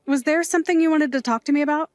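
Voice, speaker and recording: A woman's voice: high-pitched, rapid-fire, no echo, soft background music, close to an everyday voice. An actress voicing a glamorous, doting middle-aged aunt who works nights at a bar, fussy and theatrical in her manner. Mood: wistful. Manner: fussy, dramatic, gushing. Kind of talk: audio drama acting.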